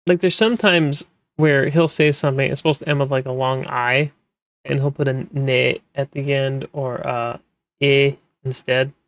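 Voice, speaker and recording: A man talks casually, rambling and restarting often, his voice sitting at an ordinary middle pitch. The sound is dry and close, with no room echo. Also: steady tone, normal speed, a bit bright. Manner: rambling, with many fillers and restarts. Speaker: manga translator, podcast host. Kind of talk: casual explanatory talk.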